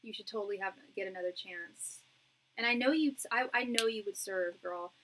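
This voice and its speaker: A woman's voice: medium pitch, normal speed, background noise. A young woman doing a live-stream tarot reading. She talks in a chatty, reassuring way, with lots of fillers and restarts. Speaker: tarot reader.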